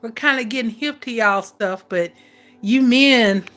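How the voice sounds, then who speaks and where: A woman's voice: a little high, a little slow, fairly bright tone, faint music behind. Laughing woman host reading viewer comments. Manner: laughs often, teasing, calls viewers honey. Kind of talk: casual chat.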